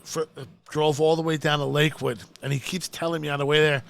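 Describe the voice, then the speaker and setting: A man, a comedian telling stories in casual talk, profane and animated as he acts out quotes. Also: on the high side, quick pace, creaky, few pauses. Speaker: podcast guest, comedian. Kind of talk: casual storytelling.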